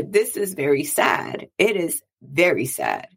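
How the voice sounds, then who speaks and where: A woman's voice: low-pitched, wildly swooping pitch, takes it slowly, vocal fry, breathy edge. A woman speaking earnestly in a reflective monologue, talking casually and repeating phrases for emphasis. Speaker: speaker on mental health and boundaries.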